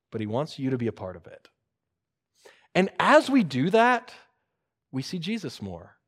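Male preacher, lively delivery, slightly high voice, builds loud then goes hushed. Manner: animated, swinging from loud emphasis to hushed, soft lines. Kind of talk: sermon.

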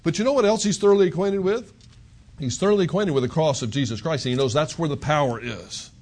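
A man's voice: on the high side, quick pace, darkish tone. A male pastor preaching an expository sermon in a conversational, emphatic way, full of rhetorical questions.

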